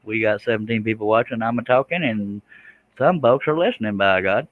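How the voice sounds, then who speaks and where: A man's voice: fairly low pitch, brisk, phone-quality sound. A man, chatting casually with viewers while he works a scroll saw on a livestream. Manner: folksy, chatty, reads out viewer comments.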